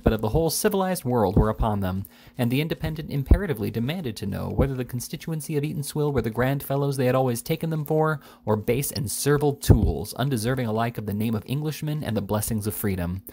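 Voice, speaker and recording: A man reading a classic novel aloud with a lively, theatrical delivery. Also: mid-range voice. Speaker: audiobook reader.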